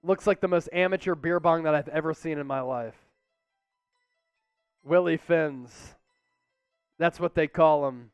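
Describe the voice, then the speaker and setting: Excitable male watch-party host with a high, smooth voice. Dry studio sound with faint music behind. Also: a little slow, pauses often, no room sound, dull audio. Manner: excitable, shouts chants and play-by-play calls. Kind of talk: live sports watch-party commentary.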